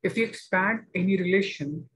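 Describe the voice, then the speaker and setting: A man teaching a maths class, explaining each step slowly and checking that students follow. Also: high-pitched, fairly bright tone, rough recording. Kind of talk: online maths lecture.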